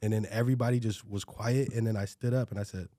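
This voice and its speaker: A man's voice: on the low side, fairly even intonation, fast talker, warm tone, no echo. Chill young guy, slangy, says like a lot, dry recording. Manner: laid-back slang, lots of "like". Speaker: guest, dancer and new comic. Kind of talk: casual chat, storytelling.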